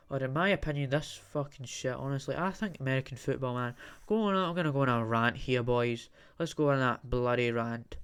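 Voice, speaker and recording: A man's voice: medium pitch, clean tone. A young adult man hosting a solo podcast, rambling and ranting jokingly, with frequent swearing. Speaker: podcast host.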